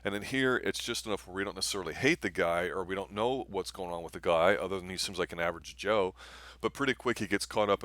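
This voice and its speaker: Casual movie review co-host, male, deep voice, dry close sound, rambling and enthusiastic. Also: a bit bright, dry recording. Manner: rambling, enthusiastic, filler-heavy.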